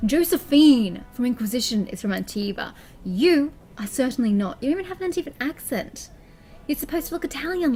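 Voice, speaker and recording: A woman's voice: high-pitched, darkish tone. A woman giving chatty, sarcastic let's-play commentary over a game. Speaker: gaming streamer.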